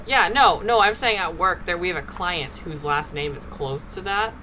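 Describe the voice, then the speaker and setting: A woman in casual chat, giggling often and telling stories quickly. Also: lowish voice, muffled recording, background noise.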